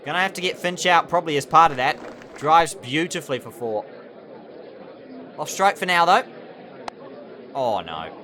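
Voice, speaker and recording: Excitable man commentating a game. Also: fairly high pitch, moderate pace, long pauses, a faint crowd, a little hiss or hum. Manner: excitable, animated play-by-play with outbursts of indignation. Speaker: gaming channel host. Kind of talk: commentary over a cricket management game.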